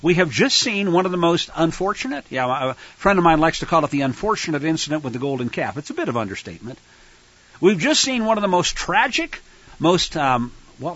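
A man's voice: a little high, a bit bright, husky, no echo, muffled recording. A man preaching in an emphatic, sarcastic style with digressions. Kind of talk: sermon-style commentary.

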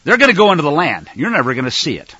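A man's voice: a little high, wildly swooping pitch, racing, sharp tone, husky, no room sound, dull audio. A man preaching a sermon in an emphatic way, repeating his points and asking rhetorical questions.

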